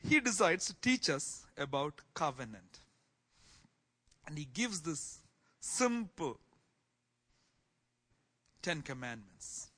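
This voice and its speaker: A man teaching a Bible class in sermon style, swinging from soft asides to loud exclamations. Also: on the high side, slightly rough.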